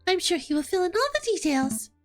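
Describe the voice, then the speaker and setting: A high, squeaky little mouse of a man, stammering and flustered at every turn, as a woman puts him on. His voice leaps all over the place, and soft game music hums behind him. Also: very animated, a little fast. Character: tiny timid male mouse messenger.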